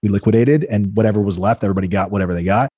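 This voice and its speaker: A man, a guest entrepreneur, telling business stories in a lively, conversational way and acting out the other people in them. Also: lowish voice, very fast, breathy edge, dry recording. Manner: animated, acts out quoted voices. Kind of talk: conversational storytelling.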